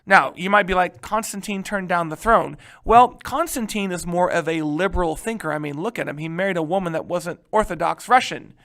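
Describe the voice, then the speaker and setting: A male history teacher giving a casual, animated lecture, joking and checking in with his students. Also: sits high, a little fast, hardly any pauses. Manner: animated, joking, keeps asking "right?".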